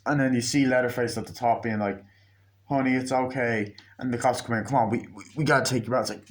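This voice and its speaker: Man, casual reviewer; rambling, profane, mid-pitched, jumps into quick character impressions. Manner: rambling, profane, acts out scenes in quick mimicked voices. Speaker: movie reviewer. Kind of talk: casual spoken movie review.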